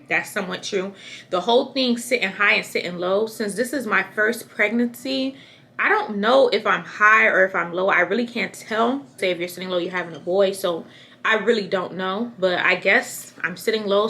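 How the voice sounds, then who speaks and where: A woman's voice: medium pitch, pushed and bright. A pregnant young woman talking candidly to camera in a casual vlog, chatty and rambling, often repeating herself. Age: young adult. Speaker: vlogger.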